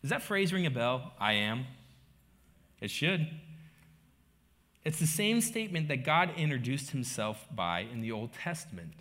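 A middle-aged man, a pastor preaching a sermon, telling the story with rhetorical questions and swinging between quiet asides and loud emphasis. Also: mid-range voice, big pitch swings, measured pace, pauses often.

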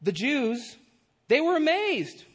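Male pastor, high voice, animated sermon delivery, plays the crowd's voices. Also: slow pace. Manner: animated, acts out quoted voices.

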